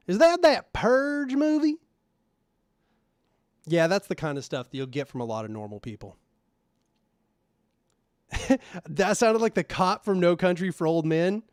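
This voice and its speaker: A man's voice: on the high side, smooth, dry recording. Dry, close male livestream host. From Oklahoma, USA. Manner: rambling, conversational, frequent laughs. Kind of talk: livestream chat reading and commentary.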